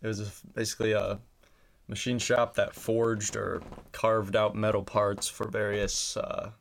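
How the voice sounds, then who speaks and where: A young man with a Wisconsin accent, a guest chatting on a podcast in a halting way, with many fillers and restarts. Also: on the low side, level tone, gravelly. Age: young adult. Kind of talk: casual podcast chat.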